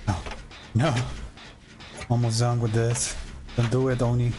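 Male gameplay streamer, unhurried delivery with excited outbursts, audible background noise. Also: mid-range voice. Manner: excitable, shouts warnings at teammates, swears. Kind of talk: live gameplay commentary.

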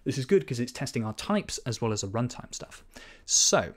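A man works through a programming task out loud, half talking to himself as he reads out code. He corrects himself often and stops now and then to explain a point like a teacher. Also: mid-range voice, very animated. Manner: thinking aloud, muttering code as he types; quick self-corrections and asides. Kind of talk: live-coding commentary.

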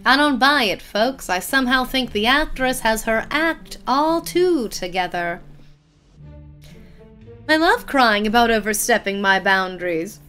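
Brief: high, animated woman streamer, playful detective banter, faint music behind. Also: measured pace. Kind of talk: casual game commentary.

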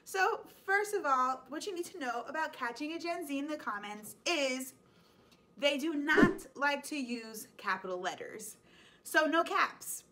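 A woman in her thirties hosts a casual explainer vlog as a high school teacher. Her voice is bright and sits a little high. She talks in a chatty, playful way and laughs easily. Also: animated, unhurried, slight background noise.

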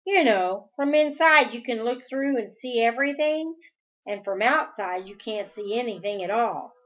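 A woman reading the part of a gentle, thoughtful teenage boy who explains things calmly. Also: on the high side, moderate pace, highs cut off.

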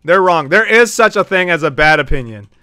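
A man's voice: fairly high pitch, expressive, fairly quick, sharp tone, dry recording, clean studio sound. A man streaming a game, talking to his chat in a brash, teasing and profane way. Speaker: gaming streamer. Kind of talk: casual live-stream chat.

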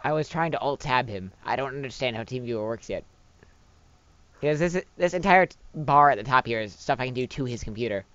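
Raspy-voiced man, lively banter. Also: medium pitch, a little fast, no room sound. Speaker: friend coaching a gameplay stream. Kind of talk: casual chat on a livestream. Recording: muffled lo-fi mic.

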